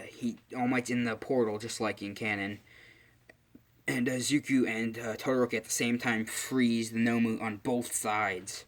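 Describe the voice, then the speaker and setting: A man's voice: fairly low pitch, a bit bright. A man casually retelling a fan story, rambling with many fillers and restarts.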